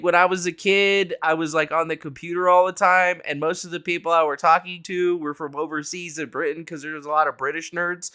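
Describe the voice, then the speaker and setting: A man streaming from his home desk, chatting casually and profanely in a rambling way with animated asides, before moving on to political commentary. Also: high voice, smooth.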